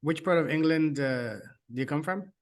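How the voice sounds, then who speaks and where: A man's voice: a little high, normal speed. A man from France with a French accent who hosts a podcast interview and asks curious, upbeat questions. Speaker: podcast host. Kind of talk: casual interview chat.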